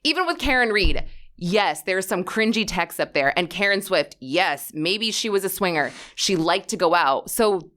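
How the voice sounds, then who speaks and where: A woman's voice: fairly low pitch, a little slow, hardly any pauses, a bit bright. A woman co-hosting a podcast, speaking in a passionate, blunt, casual way, swearing freely. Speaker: podcast co-host, investigative journalist.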